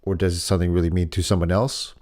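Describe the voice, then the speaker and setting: A man's voice: low-pitched, flat delivery, quick pace, darkish tone. A man co-hosting a parenting podcast, telling a personal story in casual chat and acting out the dialogue. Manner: storytelling, acts out quoted dialogue. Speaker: podcast co-host.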